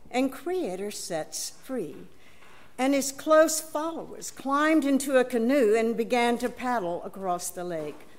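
A woman leading worship, who introduces and reads the gospel lesson in a church service with measured, deliberate delivery. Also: a little high, a little mellow. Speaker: worship leader reading scripture. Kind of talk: scripture reading in a church service. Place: church sanctuary.

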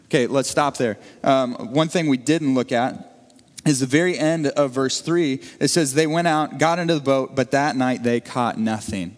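A man's voice: on the high side, expressive, normal speed. A young adult man preaching a sermon, telling stories in a loose, conversational way with frequent restarts. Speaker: pastor. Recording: long hall reverb.

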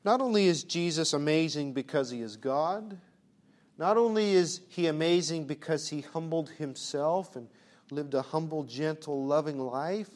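Guy preaching w a high voice, rhetorical questions, goes quiet then loud. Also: normal speed. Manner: emphatic, swings from hushed to loud. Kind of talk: sermon.

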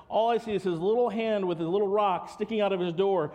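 A man's voice: high-pitched, steady tone, quick pace, darkish tone, highs cut off. A male pastor giving a sermon, mixing funny family stories with earnest teaching. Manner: humorous storytelling, then earnest teaching.

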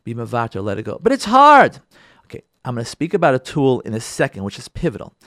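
Animated rabbi a lively, expressive voice. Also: male voice, mid-range voice, quick pace, no echo, studio quality. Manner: animated, repeats phrases for emphasis, acts out listeners' voices. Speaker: rabbi, show host. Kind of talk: lively Torah talk addressed to listeners.

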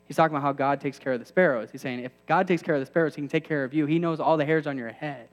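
A man's voice: a little high, racing, few pauses, long reverb tail, dull audio. A man in his thirties preaching a sermon to a campus ministry, conversational with self-deprecating asides that build to emphatic peaks.

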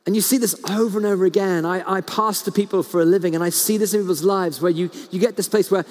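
A male pastor preaching a sermon, telling stories earnestly and slowing down to stress key words. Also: high voice, fairly even intonation, darkish tone. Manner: earnest storytelling, slows down for emphasis, frequent restarts. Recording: long hall reverb.

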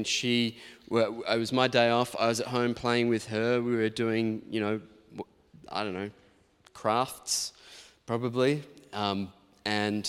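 A man's voice: on the low side, clear, resonant tone. A man in his forties, a pastor giving a sermon in a chatty, anecdotal storytelling manner. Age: 40s. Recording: long reverb of a large hall.

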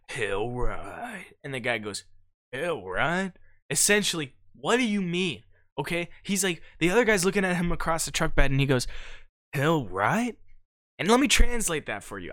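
A man hosting a podcast, casually breaking down a song in slangy talk and checking in with "okay?" after each point. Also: on the high side. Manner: animated, keeps checking in with "okay?"; slangy, calls listener "dude" and "bro". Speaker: podcast host.

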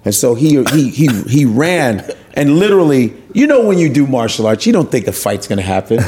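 A very animated stand-up comedian with a warm, medium-pitched voice tells a brisk, profanity-heavy story as an interview guest. He voices the other people in his anecdote himself.

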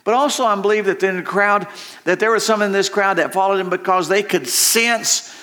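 Slow, emphatic male preacher. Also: high voice, sharp tone. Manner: slow, emphatic, repeating phrases with restarts. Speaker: pastor. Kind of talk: sermon.

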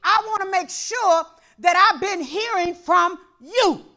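A woman pastor preaching a sermon in a church, impassioned and repetitive, dropping to a hush and then rising to shouts. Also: extremely high pitch, slow. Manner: impassioned, repeats phrases, swings from hushed to shouting.

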